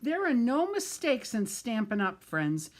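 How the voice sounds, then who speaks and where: A woman's voice: on the high side, very animated, unhurried, background noise. Chatty woman demonstrating card crafts. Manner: chatty, self-deprecating, trips over words and laughs it off. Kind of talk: craft tutorial, talking while working.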